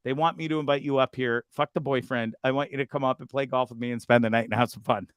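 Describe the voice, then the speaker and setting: A man's voice: mid-range voice, steady tone, smooth, no room sound. Rambling, confessional male show host. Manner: rambling, confessional, swears a lot, quick swings between loud and muttered. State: fidgety and nervous. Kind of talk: casual live show monologue.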